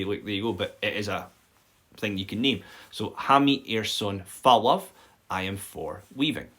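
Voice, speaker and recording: A man with a somewhat low voice teaches a loose, live-streamed language lesson. He talks in a chatty, explaining way and keeps checking in with his viewers. The sound comes from a simple home stream setup. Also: a bit bright, breathy edge. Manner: chatty and explanatory, many "okay?" check-ins and filler "um"s. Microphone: phone or built-in mic.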